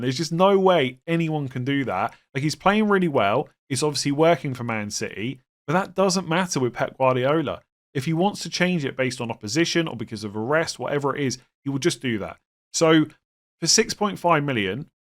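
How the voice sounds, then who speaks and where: Male host, young, mid-pitched, lively and opinionated, casual monologue with restarts. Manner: animated, opinionated, with frequent restarts. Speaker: fantasy football channel host.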